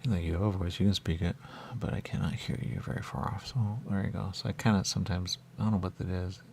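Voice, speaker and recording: A man's voice: deep voice, fairly even intonation, fast talker, creaky, a little mellow, a little hiss or hum. A man on a radio talk show, musing aloud in a repetitive, meandering solo monologue.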